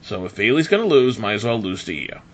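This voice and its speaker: A man co-hosting a casual wrestling podcast, talking in an animated way, laughing often and restarting his sentences. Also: on the low side, fast talker. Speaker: podcast co-host.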